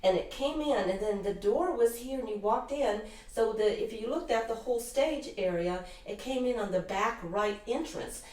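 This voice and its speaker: A woman's voice: on the high side, animated, moderate pace, few pauses, darkish tone. A middle-aged woman, an interview guest, telling long rambling anecdotes with lots of restarts. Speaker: guest, intuitive healer. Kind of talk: casual interview storytelling. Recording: roomy echo, distant mic.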